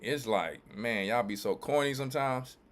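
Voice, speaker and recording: Man, church elder from Louisiana and Texas, preaching commentary, emphatic, repetitive, mid-pitched voice. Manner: emphatic and repetitive, with quick restarts.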